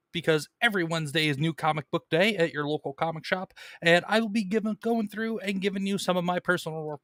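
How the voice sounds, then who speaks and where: A man's voice: fairly high pitch, sharp tone, no echo, clean studio sound. A man hosting a casual live stream about comic books, chatting loosely and reading viewer messages, with plenty of fillers and restarts.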